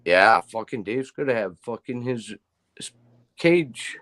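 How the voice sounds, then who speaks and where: A man's voice: medium pitch, animated, takes it slowly, fairly bright tone. A middle-aged man in casual chat, telling rambling stories full of swearing. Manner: profane, rambling storyteller.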